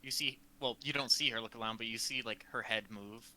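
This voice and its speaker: A woman's voice: very deep voice, steady tone, brisk, pushed and bright, low-quality recording. A woman running a tabletop game, narrating and answering in a dry manner. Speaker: game master.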